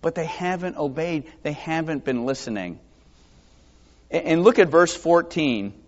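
Male pastor, lively and varied delivery, slightly high voice, dull lo-fi recording, casual sermon style. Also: measured pace. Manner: conversational, self-deprecating, acts out quotes. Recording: dull lo-fi sound.

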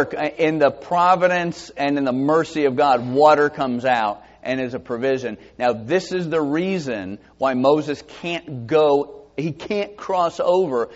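Lively, animated male preacher. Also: a little high, highs cut off. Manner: expository Bible teaching, reading scripture aloud in King James wording; asks rhetorical questions, lively and animated. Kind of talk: sermon.

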